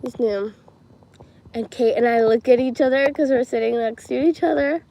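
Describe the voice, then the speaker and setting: A woman's voice: fairly high pitch, moderate pace, creaky, dark tone, highs cut off, a little hiss or hum. A teenage girl telling stories on a livestream in a casual, chatty way, giggling often and filling her talk with "like" and "um". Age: teens. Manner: chatty, giggly, many fillers like "like" and "um".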